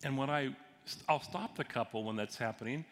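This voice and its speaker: A man's voice: mid-range voice, normal speed, a bit bright. A man who is a pastor and counselor, teaching a sermon in a conversational way and asking his audience questions. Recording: long hall reverb, faint noise.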